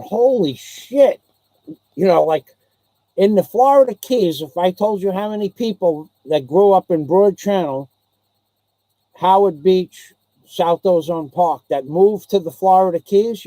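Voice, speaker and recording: Older new guy rambling on, kinda high voice, mellow tone, dry sound. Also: no room sound. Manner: rambling, repeats himself, mimics others' voices in anecdotes. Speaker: channel host. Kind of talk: rambling storytelling chat.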